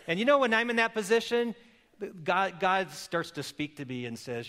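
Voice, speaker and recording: A man's voice: high voice, sing-song, normal speed, bright, forceful tone, long reverb tail. A middle-aged man preaching a sermon as a pastor, telling stories in a conversational, playful way and putting questions to the congregation. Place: church service.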